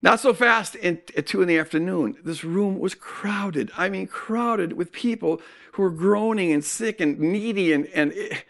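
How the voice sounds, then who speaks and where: Guy preaching through a personal story, kinda gravelly, pitch sits a bit high. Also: unhurried. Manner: animated storytelling with acted-out quotes. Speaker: speaker.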